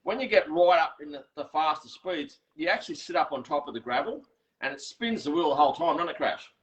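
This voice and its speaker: An Australian man hosting a casual online catch-up, telling stories with quick laughs and lots of restarts. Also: fairly high pitch, expressive, fairly bright tone. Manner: chatty storyteller, quick and laughing, many restarts. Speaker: host. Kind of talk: casual chat. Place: home workshop. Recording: lo-fi video call audio.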